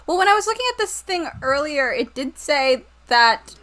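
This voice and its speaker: A woman's voice: high voice, animated, normal speed, pushed and bright. A woman streaming a game with a friend, chatting casually, swearing and laughing, and reading out a game guide. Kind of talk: casual gaming stream chat. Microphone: desk mic picking up the room.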